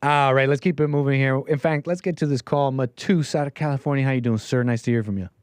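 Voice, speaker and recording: A man's voice: medium pitch, fast talker, clean tone, no room sound, studio quality. A man hosting a call-in livestream, chatting casually and riffing, laughing between his remarks. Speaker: call-in show host.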